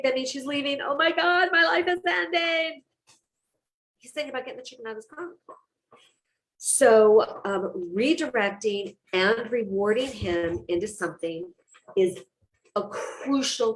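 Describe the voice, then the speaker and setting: Woman dog trainer chatting at home, lots of ums, mid pitch. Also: poor audio. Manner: chatty, rambling, many filler ums. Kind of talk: casual how-to video. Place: home with her dogs.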